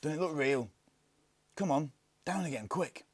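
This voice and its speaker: A man's voice: mid-range voice, big pitch swings, normal speed, no room sound, pitched above the performer's own voice. A man voicing an eager young boy in a children's storybook reading. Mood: excited. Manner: eager, hushed when scared. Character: bold excited young boy dressed as Indian chief.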